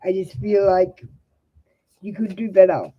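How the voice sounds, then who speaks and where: A woman's voice: medium pitch, steady tone, a little slow, slightly rough, dull audio. A young Australian woman reading tarot live for viewers, giving blunt, direct advice. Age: young adult. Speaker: tarot reader.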